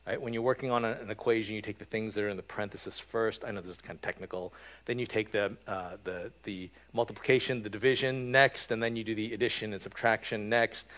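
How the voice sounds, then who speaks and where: A man preaching a sermon in a relaxed, conversational way, often checking in with his listeners with "right?" and filling pauses with "um". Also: fairly low pitch. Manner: conversational, frequent "right?" and "um" fillers. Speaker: pastor.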